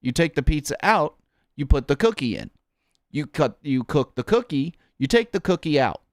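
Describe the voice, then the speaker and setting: A man's voice: fairly high pitch, sing-song, moderate pace, dry recording, studio quality. A man chatting casually on a stream, rambling and swearing in a jokey, offhand way. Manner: rambling, profane, jokey, says "bro".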